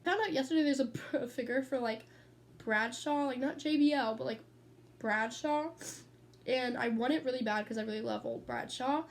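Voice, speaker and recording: Chatty teenage girl with a high voice. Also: moderate pace, creaky. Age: teens. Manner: chatty, sidetracked, swears freely. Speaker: vlogger. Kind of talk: casual rambling storytelling. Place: bedroom at home.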